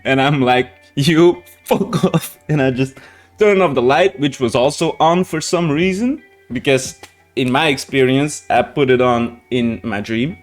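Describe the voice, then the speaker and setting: A man hosting a reaction channel, telling a story to viewers in a rambling way, swearing often and restarting sentences. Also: mid-range voice.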